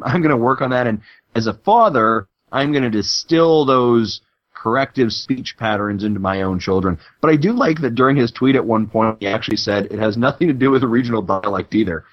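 A man from Canada tells a story with lots of laughs and jumps in pitch, casual as a co-host. The sound is dry and a little dull, lo-fi. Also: a bit bright, dry recording. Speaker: podcast co-host. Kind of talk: casual chat.

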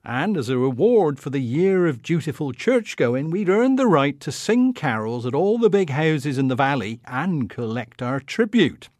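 Lively-voiced man reading a memoir. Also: on the high side, moderate pace, hardly any pauses, dry recording, studio quality. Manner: warm, evocative reading of a memoir. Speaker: reader. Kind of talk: literary reading.

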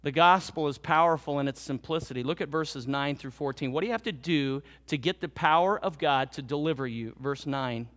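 A male pastor delivering a Sunday sermon in a church, his voice sitting fairly high for a man. He swings from loud, emphatic exhortation to hushed, slowed-down lines.

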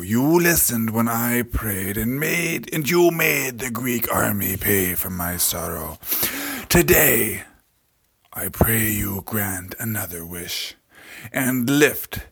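A man voicing an old male priest in prayer, with a slight Irish accent and a solemn, slow delivery that sinks into whispers. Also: fairly low pitch, gravelly, a bit bright, slightly rough, heavily acted. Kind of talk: dramatic reading.

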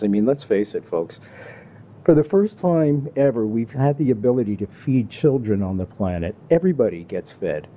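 A Canadian man hosts a laid-back talk show, talking to his listeners in a folksy, animated way. His voice is deep in tone, very dark and mellow. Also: husky. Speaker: show host. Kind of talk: relaxed talk show hosting. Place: Kingston, Ontario.

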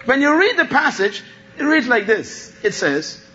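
Male pastor, sermon, very high voice, bright tone, animated shouting and low asides, dull lo-fi recording. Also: a little slow. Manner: animated preaching, swings between shouting and low asides, laughs often.

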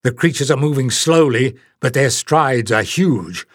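A man voicing a grim, steady warrior. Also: mid-range voice, no echo, studio quality. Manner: grim, measured.

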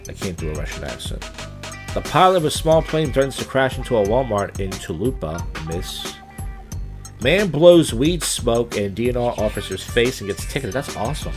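A man's voice: mid-range voice, big pitch swings, normal speed, over music. A man live streaming, reading odd news headlines in a crude, rambling way with off-the-cuff jokes.

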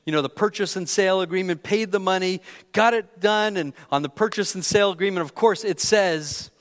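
A man's voice: sits high, brisk, a bit bright. Male preacher, conversational storyteller, candid and self-deprecating, recorded in a church sanctuary with a long echo. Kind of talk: conversational sermon with personal story.

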